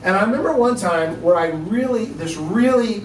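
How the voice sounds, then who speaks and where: A man teaching apologetics in a relaxed class, telling an anecdote with laughs and acted-out dialogue. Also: sits high, normal speed, slight background noise. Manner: chatty, laughing storyteller, acts out dialogue. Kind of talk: casual classroom talk with anecdotes. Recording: echoey room, mic at a distance.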